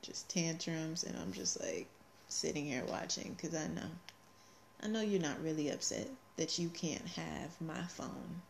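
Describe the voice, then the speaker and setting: A woman chatting casually as a co-host, telling family stories in an animated way and laughing often. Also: low voice, measured pace, creaky, a little hiss or hum. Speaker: co-host, mother. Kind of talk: casual chat.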